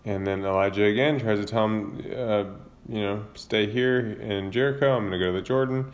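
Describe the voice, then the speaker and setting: A man's voice: fairly low pitch, moderate pace, muffled recording. A man casually retelling a Bible book in his own words, with fillers and self-corrections. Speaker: Bible reader retelling scripture. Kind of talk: casual Bible summary and commentary.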